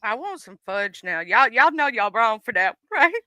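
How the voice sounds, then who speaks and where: Sassy woman, bright dry voice. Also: fairly high pitch, very animated, normal speed, no room sound. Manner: sassy, laughing. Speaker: panelist. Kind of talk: playful live-stream banter.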